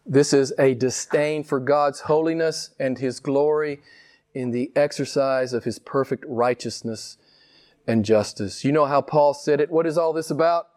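A man preaching a sermon with passion, firing rhetorical questions and swinging widely between slow, emphatic lines and quick ones. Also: darkish tone. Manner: impassioned preaching, rhetorical questions, big swings in pitch and pace. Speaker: pastor.

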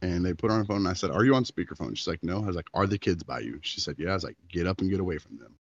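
A man with a very low, deep voice, telling a long story to his podcast co-host and acting out what each person said. The sound is dry and a little muffled. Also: very fast, no echo. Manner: animated storyteller, acting out quotes. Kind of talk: casual chat.

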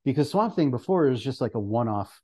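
A man talking loosely on a podcast, his voice at an ordinary middle pitch. He rambles and laughs a lot, dropping swear words into long, winding explanations. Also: lively intonation, fast talker, darkish tone. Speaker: guest presenter. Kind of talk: casual podcast chat.

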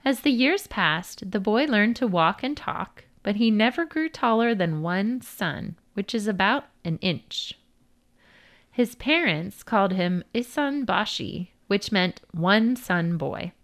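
A woman narrating children's stories and facts in a clear, deliberate, sing-song reading style. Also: mid-range voice, animated. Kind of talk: children's storytelling and fact narration.

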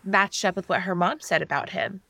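A woman's voice: on the low side, fairly even intonation, moderate pace, sharp tone, no echo. A woman co-hosting a podcast, retelling a book's plot in casual chat with dry humor. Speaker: podcast co-host. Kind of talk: casual book recap chat.

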